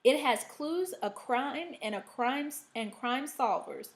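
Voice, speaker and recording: A woman's voice: high voice, expressive, slow pace. A woman teaching a recorded reading lesson to students. She is upbeat and checks in with "okay" after most steps.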